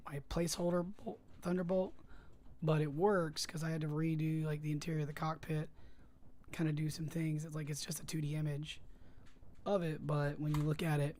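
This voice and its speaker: A streamer talking casually while editing, rambling and hesitant, with frequent fillers and restarts. The pitch stays flat and even. A cough drop sits in the speaker's mouth, and the voice comes through a desk microphone. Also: slight background noise. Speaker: livestreamer and fan filmmaker. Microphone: desk microphone, tested on stream.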